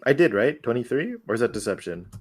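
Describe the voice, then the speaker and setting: A man chatting casually as a player in a tabletop game, excitable and rambling, often correcting himself. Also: medium pitch, fast talker.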